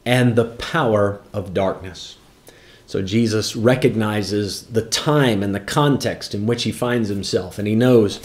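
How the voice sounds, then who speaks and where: A man preaching a sermon in a mid-pitched voice. He quotes scripture in old-style wording and slows down to drive points home, emphatic throughout. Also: mellow. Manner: varies pace, slows down for weight.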